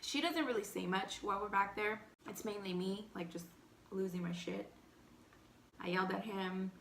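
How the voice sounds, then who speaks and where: A woman's voice: medium pitch, moderate pace, vocal fry, echoey room, slight background noise. Chatty young woman telling a story. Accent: Texan. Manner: candid, animated storytelling with frequent "like". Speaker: vlogger. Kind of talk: storytime eating show chat.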